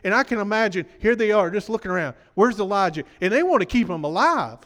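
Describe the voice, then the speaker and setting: A man's voice: high-pitched, sing-song, quick pace, fairly bright tone, long reverb tail. A man preaching a sermon, talking conversationally and quizzing the congregation, his voice worn from preaching.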